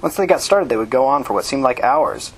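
A man reading short fiction aloud as narrator, plain and steady. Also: medium pitch, fairly quick, breathy edge.

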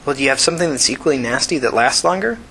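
Guy doing a touchy young woman in a storybook, higher voice, bright tone. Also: lively intonation, gravelly, a little hiss or hum. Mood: earnest. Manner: defensive, quick to anger.

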